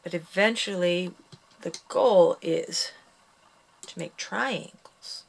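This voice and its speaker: A woman's voice: lowish voice, slow pace, gravelly, breathy edge. A woman hosting a casual craft tutorial, counting the steps aloud and making chatty asides, a little out of breath. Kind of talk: casual loom bracelet tutorial.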